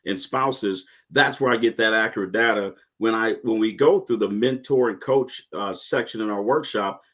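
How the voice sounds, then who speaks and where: A middle-aged man, a retired Marine, talking in a casual interview with earnest, animated storytelling and frequent restarts. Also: lowish voice, moderate pace. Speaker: guest, retired Marine and podcast host.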